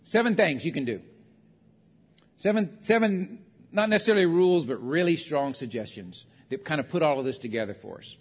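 High-voiced man preaching in a reverberant hall. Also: expressive, a little fast, breathy edge. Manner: conversational preaching with acted-out quotes. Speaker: pastor. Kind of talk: sermon on marriage. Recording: long reverb of a large hall.

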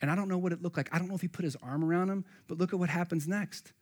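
Animated man preaching a sermon. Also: high-pitched, rapid-fire. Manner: animated, acts out voices of Bible figures. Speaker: pastor.

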